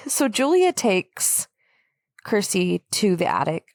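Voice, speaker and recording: A woman's voice: mid-range voice, sing-song, slow, a little mellow, no room sound, clean studio sound. A woman co-hosting a podcast, casually recapping a horror film, laughing often and playfully acting out lines. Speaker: podcast co-host.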